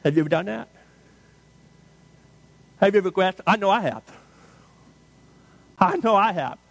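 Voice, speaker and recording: Male pastor, sermon delivery, emphatic refrains, high pitch, dry sound. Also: moderate pace, creaky, no room sound. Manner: emphatic, dramatic storytelling with repeated refrains.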